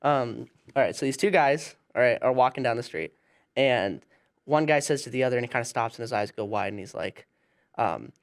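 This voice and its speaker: A young man hosts a relaxed podcast, laughing often and reacting quickly to his guest. He retells a joke of his own in a chatty, easygoing way, at a middle pitch for a man. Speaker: podcast host. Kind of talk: casual chat.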